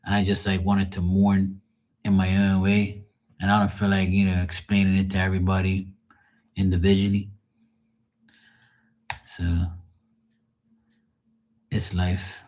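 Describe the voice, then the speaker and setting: A man's voice: deep voice, monotone, a little slow, pauses often, a little mellow. A middle-aged man talking casually and frankly to his live viewers, grieving, rambling and swearing freely. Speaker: livestream host.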